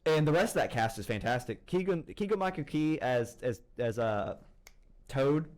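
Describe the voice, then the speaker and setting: A man's voice: mid-range voice, expressive, normal speed, a little mellow. Rambling young man chatting about films. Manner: rambling, filler-heavy, enthusiastic. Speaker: podcast host. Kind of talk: casual film chat.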